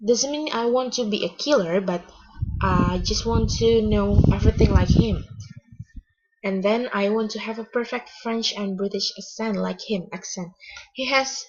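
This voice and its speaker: A woman giving a casual spoken book review, halting and searching for words with many restarts, on a dull lo-fi recording. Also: mid-range voice, slightly rough.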